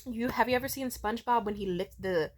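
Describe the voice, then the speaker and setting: A woman's voice: on the high side, a little fast. A young woman vlogging in a casual, swear-filled storytelling way, acting out the people she quotes. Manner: profane, animated, acts out quoted people.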